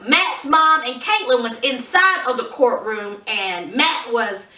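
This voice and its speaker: A woman's voice: on the high side, lively intonation, slow pace, sharp tone, distant mic. A woman reviewing a reality show in a sassy, exasperated chat, calling her viewers honey. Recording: echoey room, voice off-mic.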